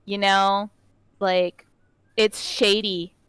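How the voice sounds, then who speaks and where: Young female co-host, animated and indignant, clean close sound. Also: medium pitch, drawn-out words, clean tone, no echo. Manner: frequent laughter, animated ranting. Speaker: podcast co-host. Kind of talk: casual chat and ranting commentary.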